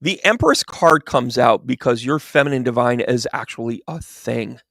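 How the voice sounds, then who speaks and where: A man's voice: mid-range voice, normal speed, gravelly, no echo, studio quality. A man who works as a medium, chatting through a tarot reading and acting out the voices in his stories. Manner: animated storyteller, acts out quoted voices. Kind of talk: livestream tarot reading and chat.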